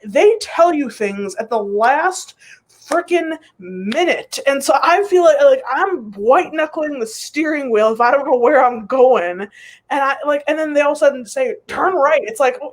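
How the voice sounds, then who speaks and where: A woman co-hosting a casual talk show, talking quickly with lots of fillers. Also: sits high, animated. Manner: talkative, heavy use of "like". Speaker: podcast co-host. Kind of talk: casual chat.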